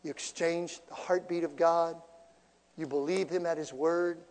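A man preaching a sermon to his church as pastor, animated and joking between his points. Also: a little high, unhurried. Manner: animated preaching with jokes and asides. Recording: long hall reverb.

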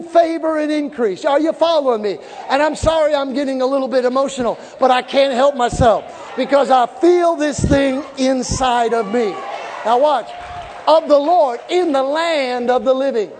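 A man preaching a sermon with fervent shouting and call-and-response to the congregation, recorded in a large church hall. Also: extremely high pitch. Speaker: pastor. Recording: echoey hall with live congregation.

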